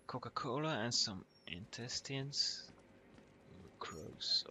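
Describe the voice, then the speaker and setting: A man's voice: fairly low pitch, takes it slowly, noisy background. A young man commenting nervously as he plays a horror game, joking and swearing as he goes. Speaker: gamer.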